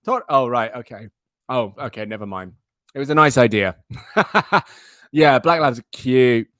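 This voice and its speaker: A man's voice: mid-range voice, moderate pace, a bit bright, no echo. A young man hosting a live stream, chatting in a playful, rambling, self-mocking way. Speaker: livestream host. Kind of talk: casual live-stream chat.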